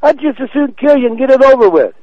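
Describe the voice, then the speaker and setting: A man's voice: extremely high pitch, animated, fast. A man answering a prank call, angry and blunt, making threats. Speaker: salvage yard owner. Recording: dry muffled phone line.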